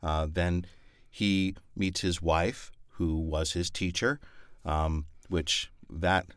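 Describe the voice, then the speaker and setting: A man's voice: deep voice, steady tone, slow pace, clear, resonant tone, no echo, clean studio sound. A male audiobook narrator talking casually on a podcast, thoughtful and rambling, with plenty of ums and restarts. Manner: thoughtful, rambling with many fillers.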